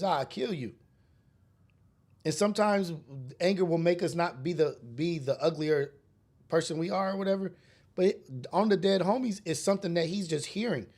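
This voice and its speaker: Fairly high in pitch with a darkish tone, this man's voice carries a casual solo podcast rant. He grew up in a rough urban neighborhood and speaks bluntly and preachily, swearing and using street slang.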